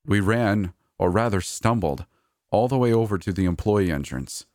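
Deep-voiced man narrating a story. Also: animated, normal speed, darkish tone, dry recording, studio quality. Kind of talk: first-person scripted narration.

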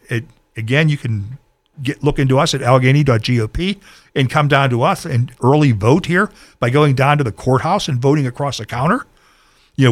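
A local party official, a man, speaking passionately to viewers about politics and ranting a little as he goes. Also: medium pitch. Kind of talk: political talk addressing viewers.

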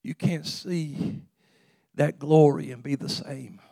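A man preaching a sermon as pastor. He swings from hushed, intimate talk to loud exclamations and often repeats words. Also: on the high side, slow pace, creaky, no room sound, studio quality.

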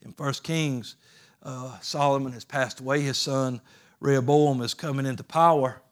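A man's voice: mid-range voice, fairly even intonation, normal speed. Folksy preacher man. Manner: preaching with emphatic, rising calls to the congregation; folksy, plainspoken phrasing. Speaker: pastor. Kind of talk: sermon.

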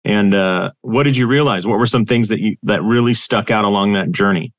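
A man hosting an interview podcast, chatty and relaxed, with lots of fillers and casual swearing. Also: on the low side, fairly quick, no echo, clean studio sound. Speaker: podcast host.

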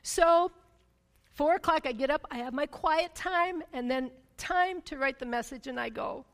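A woman preacher telling a personal story in a sermon. She keeps asking "right?", and her voice swings from loud excitement to a hush. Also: high-pitched, measured pace. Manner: personal storytelling, emphatic, frequent "right?" asides; swings between loud excitement and hushed intensity. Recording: long hall reverb.

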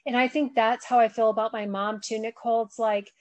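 A woman with a slightly high, fairly even voice hosts a podcast, talking briskly in a somewhat mellow tone on a dry recording. She comes across as earnest and conversational, rambling as she goes. She often backs up and restarts her sentences.

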